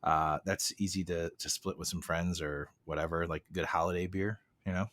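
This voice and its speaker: A man's voice: low voice, fairly even intonation, moderate pace, a bit bright. A man co-hosting a beer podcast, talking in a rambling, jokey way with lots of fillers and restarts. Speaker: podcast co-host. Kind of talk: casual chat.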